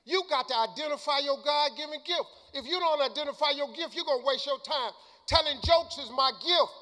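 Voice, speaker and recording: An older man giving a motivational speech and telling stories, colloquial and emphatic, sometimes shouting. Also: extremely high pitch. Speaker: motivational speaker. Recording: long hall reverb.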